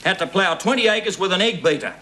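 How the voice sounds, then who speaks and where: An actor playing a grumpy, bigoted middle-aged Australian father who talks in a gruff, mocking, blustering way. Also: high-pitched, lively intonation, a little fast, heavy background noise. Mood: scornful. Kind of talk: sitcom acting.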